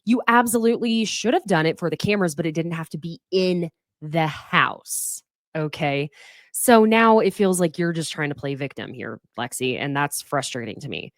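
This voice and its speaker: A woman hosting a reality TV recap podcast, giving animated, sassy commentary with big jumps in pitch. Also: moderate pace, dry recording, studio quality. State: sniffly from allergies. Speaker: podcast host.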